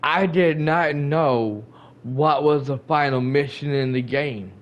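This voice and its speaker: A man with a fairly high voice recaps a game for his channel in a loose, chatty way. He circles back over his points and repeats himself as he acts out bits of dialogue. He speaks directly to his viewers throughout. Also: takes it slowly, muffled recording. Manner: rambling and repetitive, retelling scenes with quoted dialogue. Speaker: gaming channel host.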